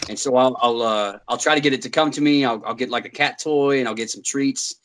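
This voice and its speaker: A man's voice: medium pitch, brisk, a little hiss or hum, low-quality recording. A young man telling a story in casual podcast chat, swearing often and getting worked up. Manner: animated storyteller, swears a lot. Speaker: podcast co-host.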